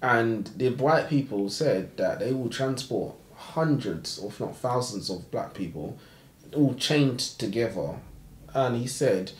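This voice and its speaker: A man's voice: mid-range voice, expressive, slow, echoey room. A young man co-hosting a casual book chat, joking and laughing a lot in slangy speech. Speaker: book podcast co-host.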